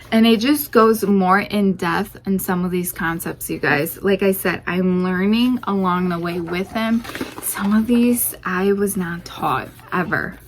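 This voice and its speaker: A woman's voice: fairly low pitch, slight background noise. A young woman who hosts a homeschooling channel, chatting casually through a curriculum review with lots of fillers and restarts, a little out of breath. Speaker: homeschooling mom channel host.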